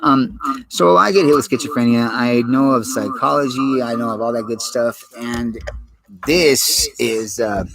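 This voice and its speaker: Young guy on a home desk mic, mid-pitched, loose and foul-mouthed, rambles in street slang with lots of "dude.". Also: a little slow, gravelly, fairly bright tone, low-quality recording. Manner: rambling, profane, streetwise, says "dude" a lot. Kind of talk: casual monologue vlog. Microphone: desktop USB microphone.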